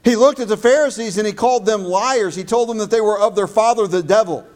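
A male pastor preaching a sermon, stressing key phrases emphatically and slowing down on them. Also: high-pitched, a little mellow.

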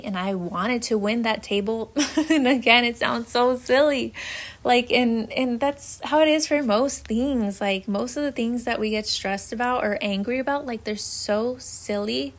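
A young woman hosting a faith podcast, telling a personal story in a candid, chatty way with plenty of "like" fillers. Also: mid-range voice. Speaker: podcast host.

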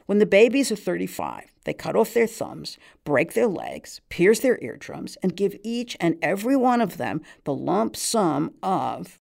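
A woman reader puts on a weighty older man in a story, jovial and sly. His voice carries a high, hilarious note over a gravelly edge. He teases in a mock-grand, knowing way. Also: huge pitch swings, measured pace, few pauses, a little mellow, full character voice. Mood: teasing.

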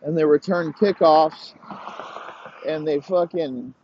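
Ranting, swearing man, slow and dull-sounding. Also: fairly high pitch, dark tone, a little hiss or hum. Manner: profane, rambling, heated complaining. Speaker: podcast host. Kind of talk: profane casual rant.

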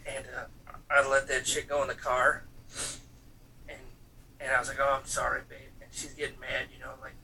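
A man's voice: mid-range voice, flat delivery, moderate pace, vocal fry, pauses often, sharp tone, slight background noise. A man in his thirties telling loose, profane stories in a casual chat, acting out quotes and padding with fillers. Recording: voice picked up from some distance, faint room ambience.

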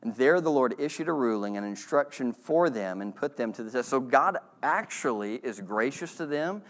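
A man's voice: mid-range voice, expressive, normal speed, fairly bright tone. A man preaching a folksy, humorous sermon. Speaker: pastor.

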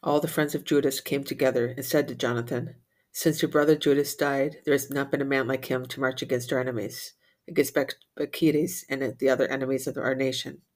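A man reciting psalms, readings and short Latin prayers in a steady, measured way. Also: mid-range voice. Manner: steady measured recitation, rattles off Latin refrains quickly and softly. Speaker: prayer leader.

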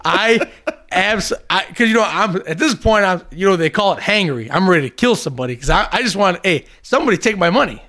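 In casual conversation, a man with a slightly high voice spins long, animated stories, cursing freely and growing more worked up as he goes. His delivery is loose and a little fast.

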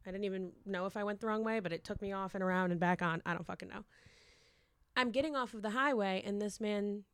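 A woman's voice: medium pitch, fast talker, fairly bright tone, smooth, no room sound, clean studio sound. A young woman in her twenties telling a long, rambling story in casual chat, swearing freely and acting out quotes.

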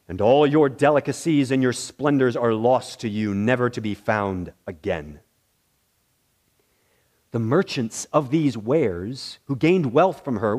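A man, a pastor, reads scripture aloud to his congregation in a church sanctuary. His voice sits at an ordinary middle pitch and moves at a measured, deliberate pace, rising for the exclamations. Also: darkish tone. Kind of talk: scripture reading in a worship service.

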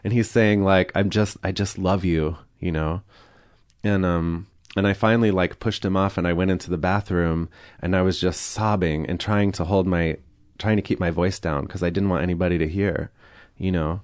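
A man's voice: deep voice, fairly even intonation, normal speed, darkish tone, smooth, no room sound, studio quality. A man talking as a podcast guest, telling a personal story candidly and acting out what people said, with nervous laughs. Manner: frank, uses quoted dialogue and nervous laughs.

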